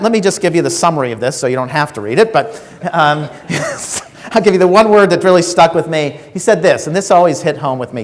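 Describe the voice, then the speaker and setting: A man with a slightly high voice gives a keynote talk to a room of sales professionals. He tells stories, acts out the people in them and keeps asking the audience questions. The sound carries the long reverb of a conference hall. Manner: storytelling, asks the audience questions, acts out quotes. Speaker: keynote speaker.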